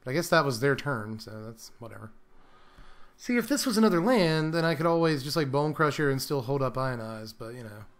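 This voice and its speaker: A man's voice: medium pitch, animated, brisk. A young man giving casual, playful commentary on a card game, laughing often and sometimes slipping into a mock British accent. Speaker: gameplay commentator.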